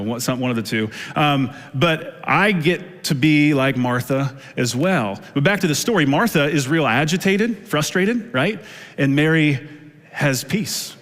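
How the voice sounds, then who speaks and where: A man's voice: mid-range voice, fairly bright tone. A middle-aged male pastor preaching a sermon in a conversational, storytelling way with many fillers. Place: church sanctuary. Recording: long church hall reverb.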